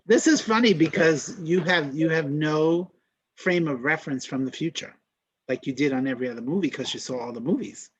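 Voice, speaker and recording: Chatty podcast host man, slightly high. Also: a little fast, breathy edge, dry recording, highs cut off. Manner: chatty, leads the discussion. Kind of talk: casual chat.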